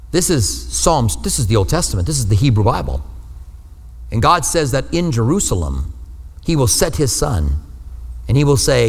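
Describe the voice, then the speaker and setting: A man's voice: mid-range voice, very animated, moderate pace, big-room sound. A male pastor giving a sermon in a conversational style, with joking asides between scripture readings. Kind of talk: expository sermon on radio.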